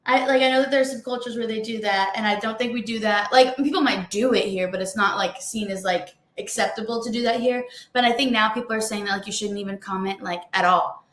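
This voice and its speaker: A woman's voice: a little high, brisk, few pauses, a bit bright. A young woman co-hosting a podcast in casual chat, blunt and heated, swearing often. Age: young adult. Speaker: podcast co-host. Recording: echoey room.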